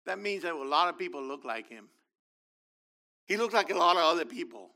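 Lively high-voiced man teaching scripture. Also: a little fast. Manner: enthusiastic, explains as he reads scripture aloud. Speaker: bible teacher. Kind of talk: animated bible teaching.

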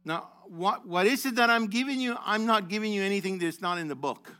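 Male pastor, sermon delivery, fairly high voice, addresses the flock by name. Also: a little fast. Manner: rising to loud impassioned exhortation, then dropping low; addresses congregation members by name.

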